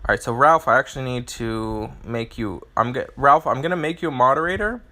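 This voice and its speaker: Man, game streamer, live chat commentary, bright voice, rambling, restarts phrases. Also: medium pitch, a little fast.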